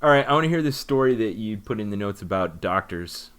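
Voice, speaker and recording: Deep-voiced co-host, relaxed, dry jokes. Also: male voice, a little fast, over loud music. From Oklahoma, United States. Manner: relaxed storyteller, dry humor. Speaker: podcast co-host. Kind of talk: casual chat.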